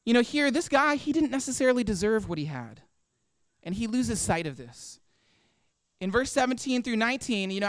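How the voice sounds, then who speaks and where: A man's voice: very high-pitched, a bit bright, no echo. A man preaching a conversational sermon, full of rhetorical questions and acted-out quotes. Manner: acts out quoted inner voices. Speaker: pastor.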